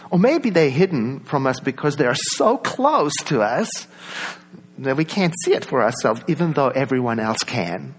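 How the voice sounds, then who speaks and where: A man with a South African accent gives a reflective, conversational talk full of asides and soft laughs. His pitch rises and falls in a lively way, and a faint hum sits under the recording. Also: moderate pace. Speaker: speaker.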